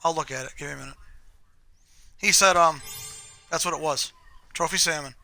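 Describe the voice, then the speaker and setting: A man's voice: on the high side, moderate pace, vocal fry, sharp tone, soft background music. A man chatting casually on a live game stream, telling rambling, profane stories while he plays.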